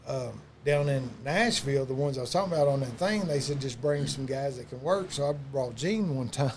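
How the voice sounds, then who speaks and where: A man's voice: medium pitch, a little fast, a little mellow, a little hiss or hum. A man telling loose, profane wrestling stories in a casual chat, full of fillers and asides. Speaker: wrestling podcast guest.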